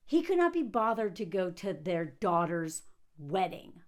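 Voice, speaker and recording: A young woman giving casual, sarcastic commentary on a film, animated and acting out quotes. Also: a little high, measured pace. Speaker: movie commentator.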